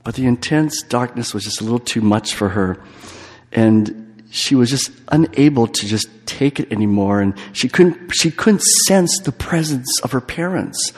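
Male priest, retreat homily, storytelling with repetition, mid-pitched voice, long church reverb. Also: expressive, moderate pace.

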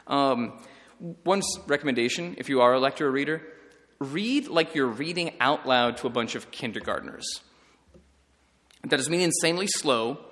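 A man's voice: medium pitch, big-room sound. A man, a priest, giving a conversational teaching talk on reading scripture, often checking in with "right?". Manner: conversational, animated, frequent "right?" tags.

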